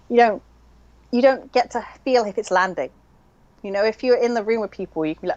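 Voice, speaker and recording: A woman's voice: mid-range voice, fairly quick, a little mellow, highs cut off. A woman co-hosting a game stream in casual chat, thinking aloud with lots of fillers. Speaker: stream co-host. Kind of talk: casual chat while playing online mahjong.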